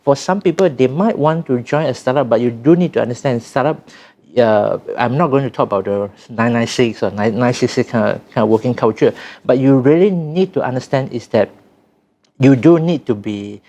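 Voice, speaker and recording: A man's voice: mid-range voice, fairly quick, mellow. A man, co-hosting a podcast and explaining careers in a thoughtful way, often restarting his sentences. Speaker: podcast co-host, data science trainer. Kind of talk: casual podcast chat.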